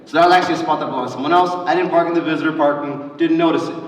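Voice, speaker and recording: A youth pastor with a fairly high voice races through a church lesson for kids, telling stories energetically and acting out the quotes. He is heard from a distance in a large, roomy church hall.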